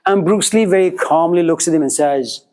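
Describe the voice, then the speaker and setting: A middle-aged man lecturing a class, animated and questioning, telling stories to make his points. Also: fairly high pitch, moderate pace, poor audio. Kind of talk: classroom lecture with student exchanges.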